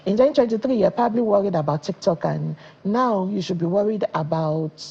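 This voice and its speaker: A woman's voice: mid-range voice, a little fast, creaky, husky, lo-fi sound. A woman in her thirties from Nigeria, a parenting educator who tells stories and acts out the lines she quotes on a studio talk show. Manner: animated storyteller, acts out quotes.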